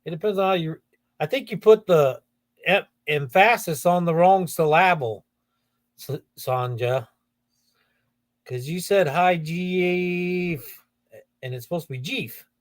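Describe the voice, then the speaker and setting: A middle-aged man from Ohio hosts a casual livestream, reading viewer comments aloud, greeting people by name and joking with them in a chatty way. His voice is on the high side at a moderate pace, with studio-quality sound and no room echo.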